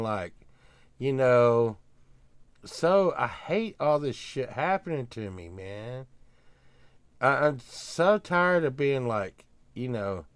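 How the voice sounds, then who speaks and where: Older podcast host, loose rambling talker who works himself up into loud rants. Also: male voice, medium pitch, clean tone, no room sound, clean studio sound. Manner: rambling, grumbling, gets loud and worked up when ranting. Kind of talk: casual chat.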